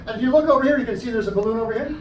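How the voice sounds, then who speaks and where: A man with an extremely high, rapid-fire voice performs as a juggler for a library audience, joking and explaining each trick step by step in live stage patter. A camera out in the audience captured it indoors in the library program room, so the dull audio sounds roomy, distant and noisy.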